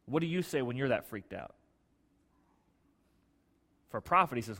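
A man preaching a sermon as pastor in a church, talking conversationally with restarts and repeated words, swinging between emphatic loud bursts and hushed asides. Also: mid-range voice, expressive, moderate pace, gravelly, long pauses. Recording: long hall reverb.

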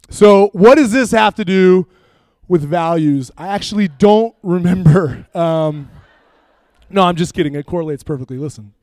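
A young man, a youth pastor, preaching and telling a funny personal story with animated, jokey asides. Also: high-pitched, measured pace, dry recording, clean studio sound.

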